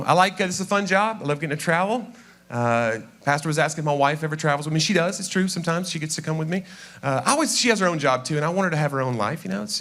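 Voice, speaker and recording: A man with a Southern East Tennessee accent doing a chatty, self-deprecating stand-up set in a church, with quick asides. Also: mid-range voice, fairly bright tone. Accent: Southern American, East Tennessee. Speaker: stand-up comedian. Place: church sanctuary before a live audience.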